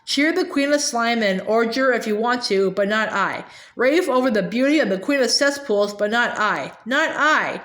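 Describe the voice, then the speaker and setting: A woman's voice: on the high side, expressive, moderate pace, few pauses, a bit bright, reverberant. A woman reading aloud, voicing a fierce, withered ancient woman who rants and accuses in a storybook. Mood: ranting. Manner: ranting, accusing.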